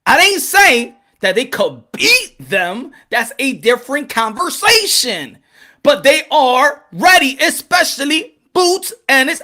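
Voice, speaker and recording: A man's voice: very high voice, sharp tone. A man hosting a casual boxing livestream, rambling and cussing, laughing and repeating himself as he talks to the chat. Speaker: boxing channel host.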